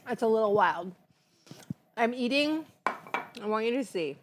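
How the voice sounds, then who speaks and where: Slow-talking giggly woman cooking host. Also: a little high, lively intonation, noisy background. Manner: chatty, giggly, savoring food aloud. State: stoned. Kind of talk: casual livestream cooking chat. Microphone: clip-on mic.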